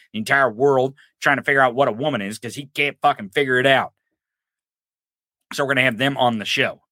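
A man hosting a podcast, giving profane, mocking political commentary in an animated way. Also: mid-range voice, no room sound, studio quality. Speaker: podcast host.

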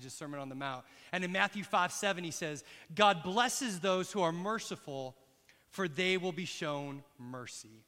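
A middle-aged man preaching a sermon in a church, telling a personal story with lively, direct asides to the congregation. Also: a little high. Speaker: pastor. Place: church hall. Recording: long reverb in a large hall.

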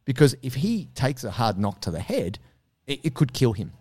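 A man hosting a podcast, telling a story in a casual, animated way, swearing freely and acting out the quotes. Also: medium pitch, moderate pace, slightly rough. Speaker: podcast host.

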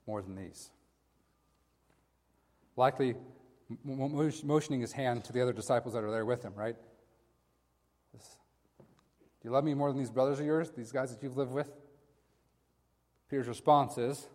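A man's voice: mid-range voice, normal speed, long pauses, darkish tone. A man preaching a sermon in a conversational way, talking to his listeners as guys. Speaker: pastor. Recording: long hall reverb.

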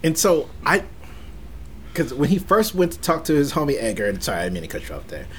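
A man chatting on a podcast about a film, his pitch swinging widely as he retells scenes. He stammers and repeats words when he gets going. Faint background noise runs under the talk. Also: fast talker. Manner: animated, stammering, acts out quotes. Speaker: podcast co-host. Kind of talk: casual movie discussion.

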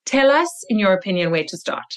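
A woman's voice: medium pitch, very animated, a little fast. Enthusiastic woman podcast host. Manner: enthusiastic, affirming. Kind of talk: casual podcast interview.

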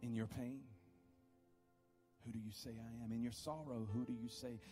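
A man preaching a sermon, building to loud impassioned peaks and dropping to low, quiet questions. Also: fairly even intonation, normal speed, faint music behind. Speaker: pastor.

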